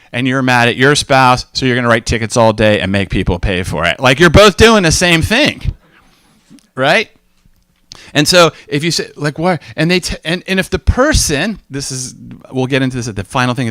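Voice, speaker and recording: A man delivering a sermon-style talk with lively storytelling. He slips into other voices for dialogue and repeats lines for emphasis. The sound is dry and close, with a mid-range voice. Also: medium pitch, no echo. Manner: animated storytelling, acts out dialogue, emphatic repetition. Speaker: speaker.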